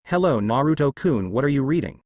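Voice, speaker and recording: A man's voice: medium pitch, sing-song, fairly quick, darkish tone, no echo. A man voicing a young woman ninja who speaks carefully while holding back anger, read as a fanfiction audiobook. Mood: restrained. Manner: restrained, careful.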